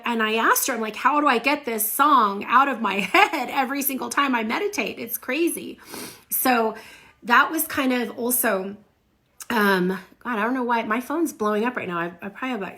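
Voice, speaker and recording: A middle-aged woman chats on a livestream from home, speaking to her viewers through a phone. She tells stories in a lively, animated way, with a voice of ordinary pitch for a woman. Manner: chatty, animated storytelling. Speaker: livestream host. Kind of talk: casual live chat.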